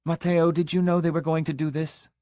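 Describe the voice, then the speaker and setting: A man's voice: on the high side, little pitch movement, fairly quick, darkish tone, dry recording, studio quality, voice pushed up, lightly acted. A man doing a flustered, cracking-voiced pastor. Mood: protesting. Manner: voice rising and cracking in protest. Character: flustered middle-aged male missionary pastor.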